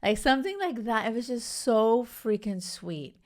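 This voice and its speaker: A woman's voice: on the high side, sing-song, moderate pace, a little mellow. A young woman hosting a podcast, chatting casually and gushing, full of "like" and "you guys". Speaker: podcast host. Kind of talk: casual chat reviewing a reality show.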